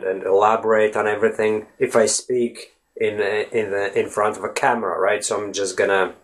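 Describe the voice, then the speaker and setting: Chatty man teaching pronunciation. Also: medium pitch. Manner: talkative, often tags sentences with "right?". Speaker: English fluency teacher. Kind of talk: casual video lesson to camera.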